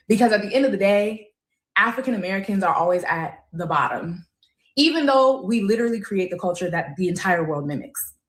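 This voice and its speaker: An emphatic woman commentator makes her case with drawn-out, stressed words. Her voice sits at an ordinary pitch and rings a little in an echoey room. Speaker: co-host. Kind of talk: opinionated commentary.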